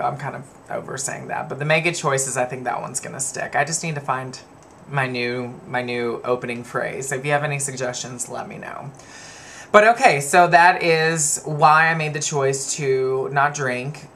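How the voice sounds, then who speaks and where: A man's voice: mid-range voice, vocal fry, pushed and bright. Young man, twenties, casual vlog talk, chatty, rambling, faint background hum. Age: 20s. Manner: chatty, rambling storyteller, digresses. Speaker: vlogger.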